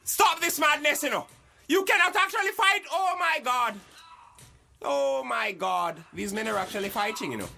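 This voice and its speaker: A man playing an excitable male talk show host, who preaches unity and is pompous about his own intelligence. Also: normal speed, vocal fry, few pauses, slight background noise, full character voice. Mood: alarmed. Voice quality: high, bright and shrill. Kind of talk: comedy sketch acting.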